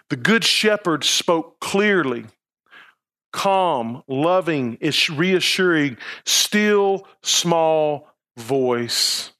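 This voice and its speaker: A man's voice: on the high side, a bit bright. A man preaching a sermon as pastor, emphatic, with repeated phrases and rhetorical questions.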